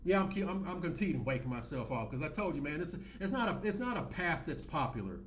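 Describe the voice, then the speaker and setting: A man in his forties hosting his own channel, ranting in loud, profane, repetitive slang. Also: a little high, sing-song, fast talker, roomy sound, a little hiss or hum. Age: 40s. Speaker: commentary channel host. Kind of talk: ranting commentary.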